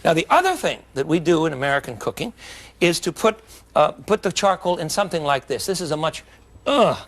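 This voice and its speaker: A man hosting a cooking demonstration in a studio kitchen, talking in a folksy, chatty way with jokes and asides, and getting excitable when enthused. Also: fairly high pitch, fairly quick. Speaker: cooking show host.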